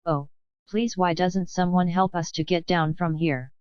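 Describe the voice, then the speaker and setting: A woman's voice: on the low side, fairly even intonation, measured pace, a little mellow, clear, resonant tone, dry recording, dull audio, natural voice. A woman reading the part of a giant female spider who pleads to be helped down. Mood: pleading. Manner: pleading, plaintive.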